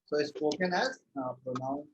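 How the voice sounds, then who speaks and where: A man teaching a live online French lesson, patiently repeating words slowly for his students. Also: fairly high pitch, expressive, highs cut off, a little hiss or hum.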